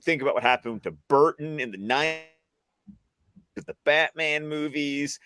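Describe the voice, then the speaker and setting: A man ranting as a guest on a video call panel chat, animated and swearing freely. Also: a little high, normal speed, clear, resonant tone, no room sound.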